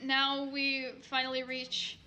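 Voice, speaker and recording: A woman's voice: high voice, completely flat delivery, slow, pushed and bright. A young woman doing a casual comedic fanfic reading. She rambles, swears and interrupts herself. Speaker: fanfic reader.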